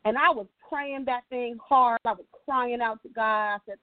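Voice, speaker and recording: Speaking at normal speed with fairly even intonation, a high-voiced woman appears as a guest delivering a faith-based motivational talk. She's emphatic, repeats important lines, asks "right?", and sounds tinny and dry, as if over a phone.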